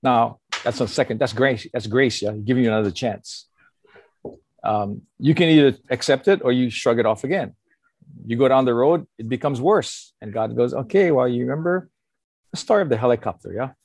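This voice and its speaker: An older man talks as a pastor giving counsel, earnest and animated, slipping into acted-out quotes. His voice is gravelly and a bit husky, and it sounds dry and close to the mic. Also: mid-range voice, fairly quick, dry recording. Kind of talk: casual conversational counsel.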